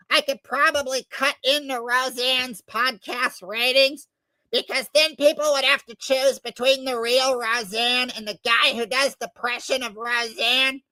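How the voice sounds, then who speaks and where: A man's voice: very high voice, pushed and bright, dry recording, voice pushed up, exaggerated voice. A man doing a brash, foul-mouthed woman comic. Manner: crude, boastful, ranting. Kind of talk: comedic impression on a livestream.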